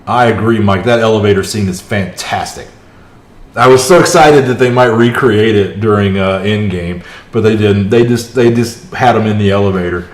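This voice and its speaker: In a room with noticeable echo, a man with a lowish voice talks at a normal speed while streaming a mobile strategy game. His live commentary is chatty: he narrates every move, reacts out loud to the match, and chats with viewers.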